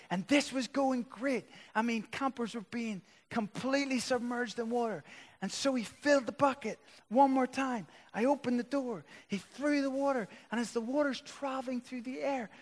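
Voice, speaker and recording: A man's voice: very high voice, in a large hall. A man preaching a sermon, telling stories animatedly and building to emphatic lists. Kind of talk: sermon with storytelling.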